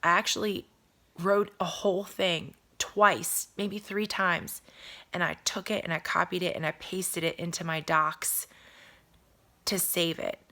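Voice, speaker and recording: A woman's voice: fairly low pitch, fairly even intonation, unhurried, bright, forceful tone. A woman talking earnestly into her own video, repeating herself and often dropping into a whisper. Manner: repetitive, earnest, drops to whispers. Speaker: vlogger. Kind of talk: emotional personal video talk. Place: at home.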